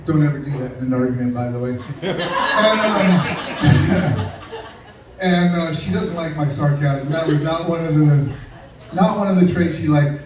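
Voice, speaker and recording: A middle-aged man doing a stand-up comedy set, telling sarcastic, deadpan stories about an ex and bantering with the crowd. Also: on the high side, measured pace. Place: comedy club stage. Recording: echoey live room from a distance.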